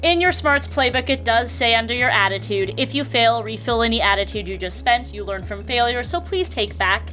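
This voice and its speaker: A woman with a high, bright, sharp voice runs a tabletop game as game master. She narrates in an enthusiastic, chatty way, with plenty of fillers. Light music plays quietly under her. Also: a little fast.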